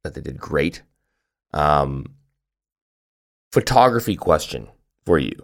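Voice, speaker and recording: A man's voice: extremely low pitch, big pitch swings, slow pace, a bit bright. A man hosting a casual podcast, joking around and stumbling over restarts. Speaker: podcast host. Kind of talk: casual chat.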